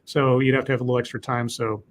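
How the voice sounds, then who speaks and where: A man's voice: mid-range voice, flat delivery, fast talker. A man hosting a casual live podcast, reading out chat questions and rambling with frequent restarts.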